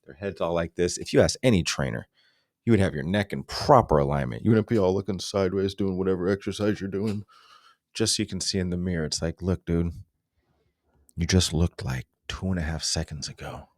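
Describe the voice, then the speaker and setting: A man's voice: deep voice, a little fast, no echo. A man in his forties giving a casual fitness lesson, laid-back and slangy, rambling with asides. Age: 40s. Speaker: fitness instructor. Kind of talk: casual unscripted fitness talk.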